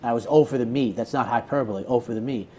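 A man's voice: medium pitch, quick pace, a little hiss or hum. A man who handicaps horse races, telling stories in casual chat and often repeating words as he starts a thought. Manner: animated storyteller, repeats words when starting. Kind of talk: casual racing talk show chat.

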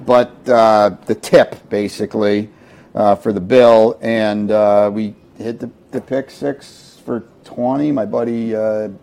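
A man co-hosting a horse racing talk show, speaking in a halting way with many fillers. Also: medium pitch, vocal fry, mellow.

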